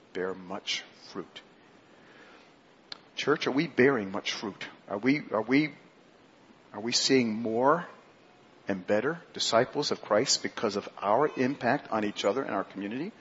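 Man preaching a sermon, husky voice. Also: medium pitch, a bit bright. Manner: preaching with rhetorical questions to the congregation, slowing to stress phrases. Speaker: pastor. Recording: dull lo-fi sermon recording.

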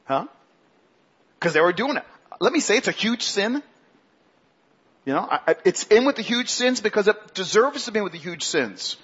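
A man preaching a sermon as pastor, animated, mimicking grumbling people in a mocking high voice. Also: normal speed, long pauses, husky, lo-fi sound.

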